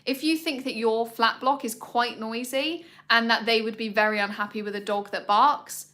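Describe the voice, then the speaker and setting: A woman's voice: steady tone, normal speed, pushed and bright. A woman, chatting casually to viewers in a live Q&A about her dogs. She talks in a rambling way, with plenty of ums. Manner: coos at her dogs in a high voice. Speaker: dog owner hosting a live Q&A. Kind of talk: casual live-stream chat.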